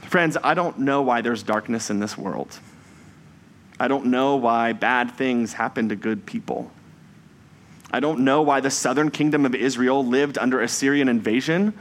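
A man with a medium-pitched voice preaches a Sunday sermon. He is measured and reflective, slowing down to emphasize key phrases.

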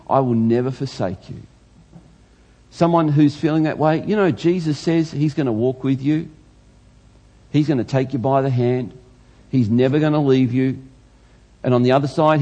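Animated husky male preacher. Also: mid-range voice. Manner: animated, rising to loud exclamations. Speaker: pastor. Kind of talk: sermon.

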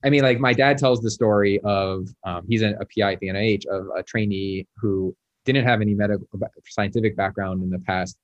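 A man with a fairly low voice, talking as a researcher guest. He explains lab work with dry humor and plenty of fillers. The recording sounds slightly dull and lo-fi. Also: fairly even intonation, brisk. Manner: explanatory, wry, many fillers. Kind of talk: casual conversation.

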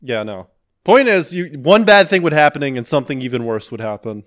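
A man's voice: on the high side, animated, a little fast, a bit bright, dry recording, clean studio sound. A man co-hosting a comedy podcast, joking, agreeable and often laughing in casual banter. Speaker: podcast co-host, debater.

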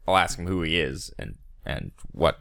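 Deep gravelly player, lively. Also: male voice, normal speed, no room sound, studio quality. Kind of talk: casual tabletop play.

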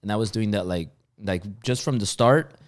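A man's voice: lowish voice, moderate pace. A man around forty, a business guest in a casual interview, speaking confidently and boastfully and often restarting his sentences. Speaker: entrepreneur guest.

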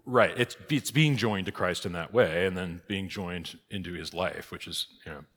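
Low-voiced pastor in a reverberant church. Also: male voice, moderate pace, fairly bright tone, husky. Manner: conversational, frequent "okay?" and "right?" check-ins. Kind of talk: catechesis teaching. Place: church hall. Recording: long reverb of a large hall.

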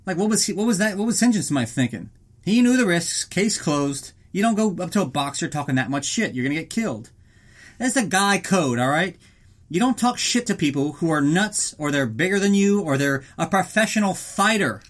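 A man's voice: on the high side, animated, normal speed. Rambling, profane male podcast host. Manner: rambling, profane, jokes about himself in the third person. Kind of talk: casual film recap commentary.

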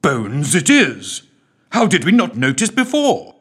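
A man's voice: on the high side, big pitch swings, drawn-out words, a bit bright, husky, voice pushed up, exaggerated voice. A man doing a blustering old toff. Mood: astonished. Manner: pompous exclamations.

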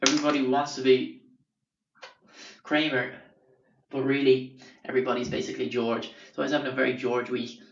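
A man's voice: mid-range voice, little pitch movement, a little fast, long pauses. Rambling young Irish man telling stories. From Ireland. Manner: rambling, sweary, lots of fillers. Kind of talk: casual storytelling. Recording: roomy, distant, dull sound.

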